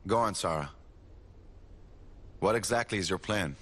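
A voice actor playing a matter-of-fact young brother in a dubbed drama. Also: male voice, low-pitched, normal speed, a bit bright, in a large hall. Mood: blunt.

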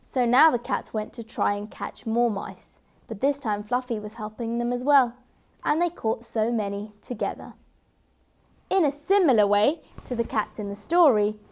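A woman tells a children's story in a gentle, expressive voice. Her tone is fairly high and she stresses words for little listeners. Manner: gentle, expressive, with emphatic repeats.

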